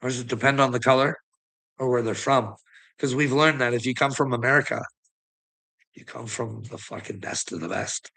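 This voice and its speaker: Gravelly, taunting man ranting. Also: mid-range voice, moderate pace, pauses often, pushed and bright. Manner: taunting, profane, mocking laughs; repeats words for emphasis. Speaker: online commentator. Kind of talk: ranting monologue to camera.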